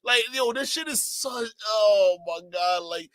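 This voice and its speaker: A man's voice: high-pitched, expressive, unhurried, a bit bright, no room sound. A man hosting a reaction stream, laughing often and talking in slangy disbelief to his chat. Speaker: host reacting to a clip. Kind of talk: casual reaction stream talk.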